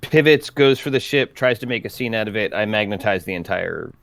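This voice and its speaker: A man's voice: lowish voice, lively intonation, brisk, vocal fry, a bit bright, dry recording. A man playing a character in a tabletop role-playing game, talking casually and joking. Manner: playful, joking. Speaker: player.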